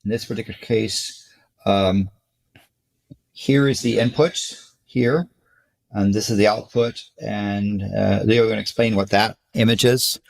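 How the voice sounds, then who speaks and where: A man's voice: fairly low pitch, steady tone, unhurried, gravelly. A man from the United States co-hosting a contest presentation, talking casually with many ums, restarts and repeated words over a video call. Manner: hesitant, many fillers and restarts. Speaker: contest co-host.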